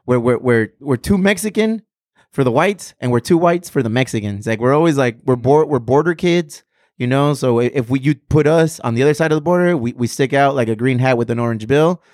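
A man in his thirties from Southern California talks in a loose, profane, animated way, piling up restarts as the stories roll out. His voice sits in a middle register and is recorded close and dry, with no room sound. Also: mid-range voice, brisk, no echo. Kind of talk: casual chat.

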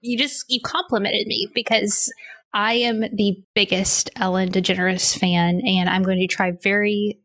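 A woman's voice: medium pitch, fairly even intonation, measured pace, a bit bright. A young adult woman with a Southern US accent, co-hosting a podcast in chatty, enthusiastic casual conversation. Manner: chatty, enthusiastic, laughs easily. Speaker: podcast co-host.

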